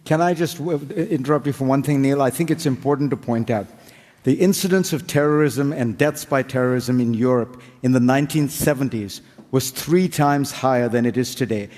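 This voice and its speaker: A man's voice: mid-range voice, moderate pace, darkish tone. Persuasive man debating in a hall. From India. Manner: earnest and persuasive. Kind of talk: formal debate speech. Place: large hall before an audience.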